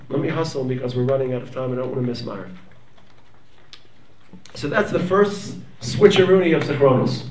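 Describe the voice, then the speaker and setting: A man with a high voice gives a Torah lecture in a dramatic manner. His voice swings between hushed murmurs and fervent near-shouts. He is recorded from some distance in an echoey room. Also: brisk. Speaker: rabbi teaching a class.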